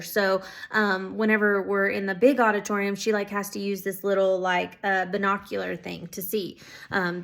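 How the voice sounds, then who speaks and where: A woman telling stories of answered prayer to her viewers, casual and excited, with lots of "um"s and "like"s. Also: mid-range voice, vocal fry. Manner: excited, filler-heavy, many "like"s and "um"s. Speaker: ministry school student. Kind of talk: casual testimony storytelling.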